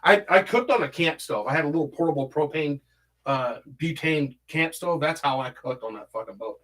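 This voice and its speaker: A man's voice: a little high, normal speed, fairly bright tone. A man hosting a casual livestream from home, reading chat and rambling through stories, swearing a lot and humming filler syllables while he scrolls.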